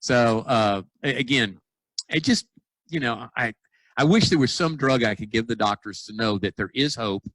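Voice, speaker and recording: A dentist and consultant telling stories in a casual podcast conversation, acting out dialogue with lots of restarts. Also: male voice, medium pitch, moderate pace, no room sound, rough recording. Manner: animated storyteller, acts out quoted dialogue; frequent restarts and repeated words. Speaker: dentist and practice consultant guest.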